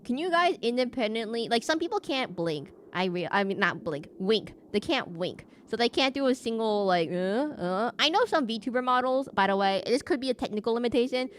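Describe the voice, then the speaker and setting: A woman's voice: medium pitch, slight background noise. A young woman streaming live, chatting casually and rambling with many restarts. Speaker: VTuber streamer.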